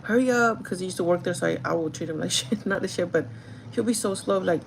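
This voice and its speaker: A woman's voice: fairly low pitch, steady tone, fast talker, creaky, noisy background. A woman who works as a store manager tells a casual, gossipy story to her livestream chat, full of "like" and the odd swear word. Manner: chatty and gossipy, with frequent "like" and swearing.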